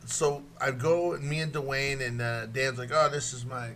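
A man's voice: medium pitch, steady tone, unhurried, a bit bright, a little hiss or hum. A man hosting a podcast, telling crude stories in a rambling, casual way full of restarts. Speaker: podcast host and comedian. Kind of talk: casual profane storytelling chat.

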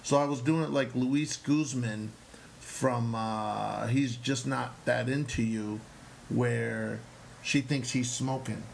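A man with a gravelly, fry-edged voice, chatting loosely about his acting work. He tells stories with energy and swears freely. A faint hiss sits under the recording. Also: mid-range voice, slow pace. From New York. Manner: animated, swears often, acts out yelling teachers. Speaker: actor. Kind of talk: casual storytelling chat.

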